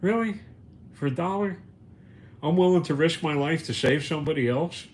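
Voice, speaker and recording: A man's voice: a little high, brisk, slight background noise. A man on a livestream telling a story in a casual monologue, cursing often, repeating words and acting out what people said. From United States. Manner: profane, emphatic, repeats words, acts out quotes. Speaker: livestream host.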